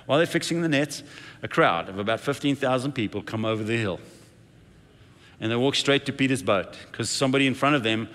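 A man's voice: mid-range voice, brisk. Man preaching in a reverberant hall. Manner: conversational, animated storytelling. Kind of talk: sermon.

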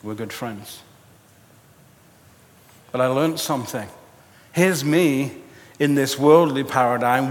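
A man preaching a sermon, telling a personal story with animated, self-mocking humor. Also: mid-range voice, takes it slowly, pauses often. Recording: long hall reverb.

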